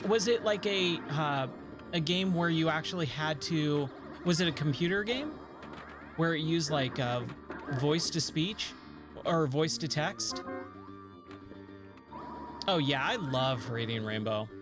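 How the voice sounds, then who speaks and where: A man's voice: on the high side, lively intonation, slow, pauses often. A man in his thirties chatting casually while playing arcade games, rambling and easily sidetracked. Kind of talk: casual chat while gaming. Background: game music.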